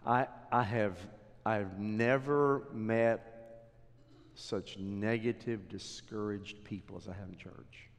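A middle-aged male pastor preaching a sermon in a church, dropping low and then rising to emphatic exhortation. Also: fairly even intonation, slow. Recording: long hall reverb.

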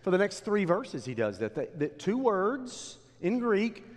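A middle-aged male pastor preaching a sermon in a church, dropping low and then rising to emphatic exhortation. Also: big pitch swings, measured pace. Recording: long hall reverb.

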